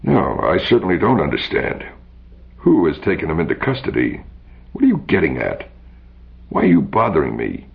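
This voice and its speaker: A man's voice: a bass voice, wildly swooping pitch, normal speed, vocal fry, exaggerated voice. A man reading aloud, voicing a tense, guarded young man who answers curtly. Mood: defensive. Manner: tense, curt. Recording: dull lo-fi recording.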